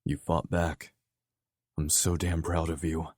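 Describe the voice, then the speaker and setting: Man doing a gruff protective young man. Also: a bass voice, level tone, slow pace, darkish tone, no room sound, clean studio sound, exaggerated voice. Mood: tender.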